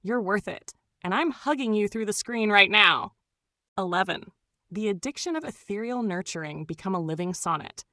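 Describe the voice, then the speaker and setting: A woman's voice: mid-range voice, lively intonation, moderate pace, bright, forceful tone, dry recording. A woman reading scripted narration in a gushing, doting way, full of pet names.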